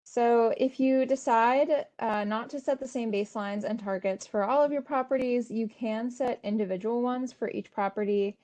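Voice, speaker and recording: Woman presenting a software walkthrough. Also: on the high side, moderate pace, hardly any pauses. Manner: steady explanatory tone with frequent fillers. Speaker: webinar presenter. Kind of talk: instructional webinar walkthrough.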